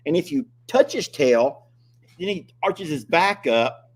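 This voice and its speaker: A man's voice: on the high side, animated, measured pace, breathy edge. An older man, hosting a casual live-stream chat, joking and complaining animatedly. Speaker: host.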